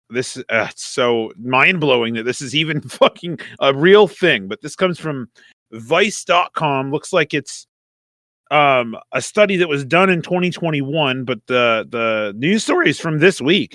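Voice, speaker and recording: A man's voice: mid-range voice, lively intonation, a little slow, fairly bright tone, dry recording, studio quality. A man co-hosting a podcast in loose, profane, casual chat, laughing often. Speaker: podcast co-host.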